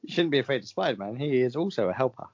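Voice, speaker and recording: A podcast co-host banters in a teasing, crude, playful way. The pitch is lively and swings a lot, and the sound is dry and a little dull. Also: very fast, breathy edge, dry recording. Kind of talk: casual comedy banter.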